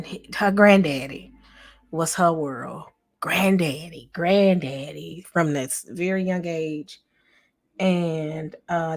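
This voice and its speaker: A woman chatting casually to her viewers in a livestream, speaking softly and reflectively, answering their comments and now and then dropping to a whisper. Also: lowish voice. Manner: talks directly to viewers, reads and answers chat comments; soft and reflective, sometimes drops to a whisper. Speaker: vlogger and channel host. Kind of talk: casual heartfelt livestream chat.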